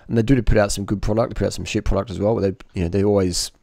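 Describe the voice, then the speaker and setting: A man hosting a podcast, talking in a relaxed, enthusiastic way. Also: fairly low pitch, racing, creaky, dry recording. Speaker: podcast host. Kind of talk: casual chat.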